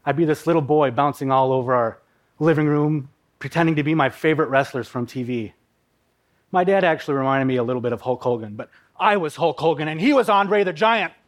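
Storyteller: man from Minnesota, a bit high-pitched, dramatic and wry in his personal story. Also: fairly quick. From Minnesota, USA. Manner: vivid, dramatic, with playful asides.

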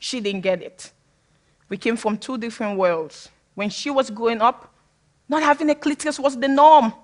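A woman speaker from Sierra Leone telling her own story to an audience in a fairly high voice. She talks candidly and with humor, and often breaks into laughter. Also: normal speed. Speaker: public speaker. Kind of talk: personal talk to an audience.

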